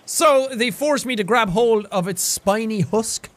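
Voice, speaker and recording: A man voicing an anxious, dramatic young woman stranded in a car as he reads game dialogue aloud, in a high, swooping, overwrought tone. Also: measured pace, fairly bright tone.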